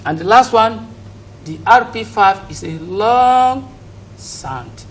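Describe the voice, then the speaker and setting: A Nigerian-accented man leads a recorded English pronunciation class for home learners, repeating every word as a drill and asking students question after question. His voice is high and bright, with lively intonation and a slow pace. Recorded from a distance, the audio is poor, with faint hiss behind him.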